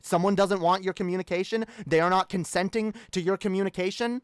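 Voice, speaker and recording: A man's voice: sits high, steady tone, brisk, clean tone, no room sound. A man streaming, ranting heatedly and swearing a lot. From Canada. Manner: heated, profane, repetitive. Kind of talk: ranting livestream talk.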